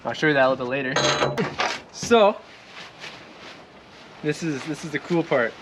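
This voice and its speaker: A man's voice: fairly high pitch, expressive, moderate pace. A young man with a Midwestern accent, casually walking through his boat setup, rambling with lots of fillers and laughing often as he moves around outdoors. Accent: Midwestern American. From Minnesota or the Midwest. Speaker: vlogger showing his boat. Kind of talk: casual walkthrough. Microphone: camera set on the boat, distance varies. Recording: outdoor recording with clear background noise.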